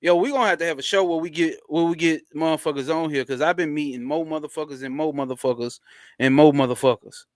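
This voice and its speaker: A man hosting a casual livestream from home into a close mic, using loose, slangy street talk and a lot of swearing. He greets viewers by name and gets excited fast. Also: no room sound. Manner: swearing, excitable, jumps up in pitch when hyped. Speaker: livestream host.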